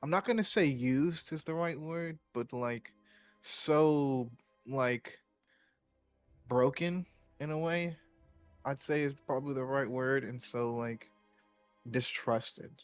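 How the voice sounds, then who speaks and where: A man talks through how a scene felt to him, rambling and pausing to hunt for the right word. He sounds earnest and apologetic. His voice sits at an ordinary pitch. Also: soft background music. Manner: earnest, rambling, searching for words. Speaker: player in a tabletop game. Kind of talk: casual recap chat.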